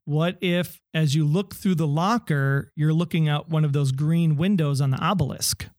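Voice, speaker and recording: A man's voice: fairly high pitch, normal speed, a little mellow, no room sound, clean studio sound. A man co-hosting a podcast, eager and theorizing, reading listener messages in casual chat. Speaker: podcast co-host.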